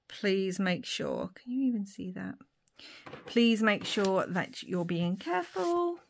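Slow-talking woman crafting at home. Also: mid-range voice. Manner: thinks aloud while working, with frequent fillers and asides; drops to soft whispers between remarks. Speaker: papercraft vlogger. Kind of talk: chatty crafting tutorial.

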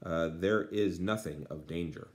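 A man voicing a Roman senator's young son while reading a translation aloud, with some pauses. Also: low voice. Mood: boastful. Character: boy son of a senator, eager then scared.

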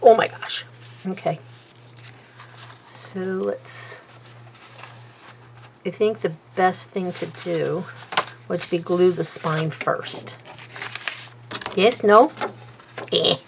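A woman's voice: fairly low pitch, extremely slow, creaky, long pauses, background noise. A woman chatting casually to herself while she does a paper craft at her table, self-mocking and talkative. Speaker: craft video host.

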